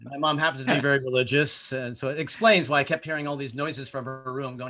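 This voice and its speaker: A man's voice: medium pitch, steady tone, quick pace, few pauses, sharp tone. A man doing a rambling stand-up comedy set, stumbling over his words and repeating himself. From Irish. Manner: rambling, self-interrupting, puts on character voices.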